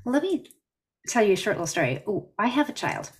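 A woman's voice: mid-range voice, big pitch swings, fairly quick. A woman from Canada, a therapist, talking earnestly on a podcast interview over a video call. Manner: earnest, explanatory, story-telling. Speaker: therapist guest.

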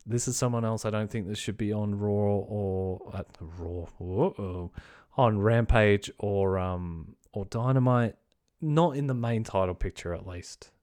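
A man's voice: on the low side, unhurried, darkish tone. A man hosting a podcast, giving blunt, rambling opinions with frequent swearing and restarts. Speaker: podcast host. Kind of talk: casual opinion commentary.

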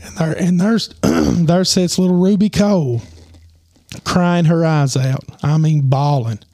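A man telling a rambling personal story with lots of fillers, his voice getting hoarse. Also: on the high side, a little slow, mellow, no echo, studio quality. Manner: rambling, many fillers and restarts. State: losing his voice. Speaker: podcast host. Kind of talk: casual storytelling.

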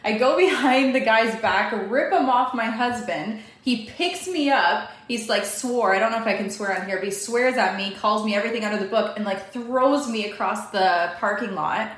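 A young woman from Canada, a guest telling a story in a casual, animated way, quick and full of "like" fillers. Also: fairly high pitch. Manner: fast, animated, many "like" fillers. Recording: echoey room.

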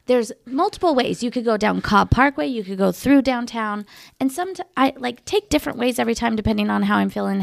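A woman in her thirties telling stories in a chatty, animated way and swearing freely. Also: mid-range voice, creaky, no echo, clean studio sound. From Georgia, USA. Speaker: guest. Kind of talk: casual storytelling.

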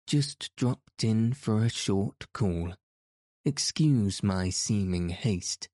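A man reading a storybook, voicing a calm, polite wandering man who is never flustered. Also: fairly low pitch, very slow, no room sound, clean studio sound.

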